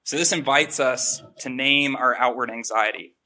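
Bright-voiced man preaching casually. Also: medium pitch, normal speed. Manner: relaxed, chatty, self-deprecating with casual asides. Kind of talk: conversational sermon.

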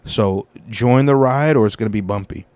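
A man's voice: on the low side, moderate pace, a little mellow, dry recording. A young man hosting his own podcast, telling about his week in a meandering, profane and self-deprecating way. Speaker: podcast host. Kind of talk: rambling casual monologue.

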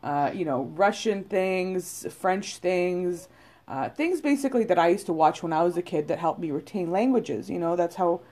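A woman's voice: fairly low pitch, animated, moderate pace, mellow. Rambling, blunt woman. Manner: rambling, blunt and profane, heavy on "like" and "you know". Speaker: podcast co-host. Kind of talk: casual chat.

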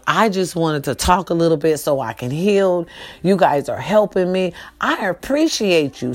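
A middle-aged woman, hosting a casual, profane and preachy talk to her viewers, her pitch swooping up and down. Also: darkish tone. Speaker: vlog host.

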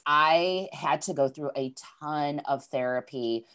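A woman's voice: low-pitched, slow, a bit bright, smooth. A woman in her forties in a casual podcast conversation, rambling with lots of likes and restarts. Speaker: podcast host.

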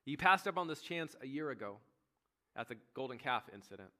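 A man preaches a sermon, his voice bright and forward. He retells the scripture story with animated, acted-out dialogue for each figure. The delivery is that of a pastor speaking to a congregation. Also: medium pitch, a little fast. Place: church sanctuary.

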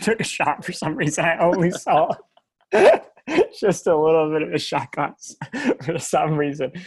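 A man in his thirties co-hosting a podcast, talking in a rambling, animated way and laughing often. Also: medium pitch, no room sound. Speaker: podcast co-host. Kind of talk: casual chat.

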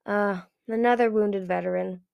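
A man's voice: sits high, fairly even intonation, normal speed, vocal fry, clean tone, highs cut off. Woman voicing a fierce, snarling soldier dragon. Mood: gruff. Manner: loud, snapping, threatening. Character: male dragon soldier, big, fierce and hostile.

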